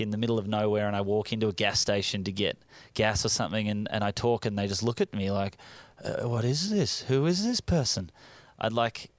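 A man's voice: on the low side, dry recording. A man from Australia with an Australian accent, a comedian chatting as a radio guest and joking about himself. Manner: jokey, self-mocking, laughs often. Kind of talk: casual radio interview chat.

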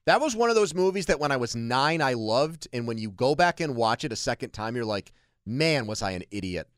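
A man's voice: mid-range voice, expressive, fairly quick, clear, resonant tone, no echo. A man hosting a sports radio show, teasing his guest in casual, mock-exasperated banter on a studio microphone.

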